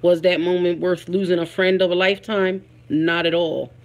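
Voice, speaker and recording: A woman's voice: fairly low pitch, steady tone, normal speed, a little hiss or hum. A woman hosting a casual live stream, chatting with her viewers and reading their comments aloud, laughing often. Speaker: livestream host.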